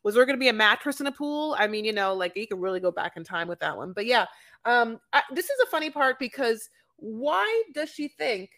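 A woman's voice: fairly high pitch, big pitch swings, brisk, sharp tone. A woman co-hosting a podcast, recapping a reality show in gossipy, profane casual chat and calling people "honey". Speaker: podcast co-host.

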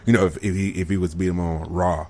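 Very deep-voiced excitable man. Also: quick pace. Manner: excitable, emphatic fan talk. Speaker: podcast co-host. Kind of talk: casual wrestling chat.

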